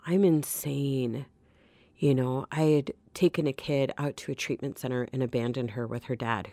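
A middle-aged woman with a low, deep-set voice tells her own recovery story in a candid, earnest way. She often breaks off and restarts her sentences. The recording is dry and close, with no room sound. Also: dry recording. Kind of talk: personal testimony.

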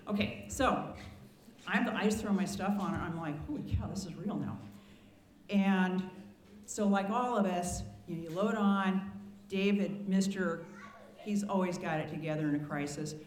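Older woman storyteller, in her sixties, anecdotal and lively, roomy echo. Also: lowish voice. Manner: animated anecdotal, many restarts and asides. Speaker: ski patroller telling stories. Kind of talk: storytelling to a gathering. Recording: echoey room.

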